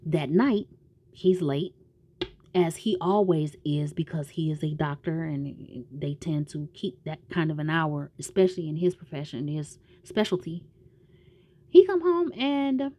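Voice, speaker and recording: A woman's voice: sits low, warm tone. A woman casually recapping a TV show in a slangy, rambling way, with some profanity.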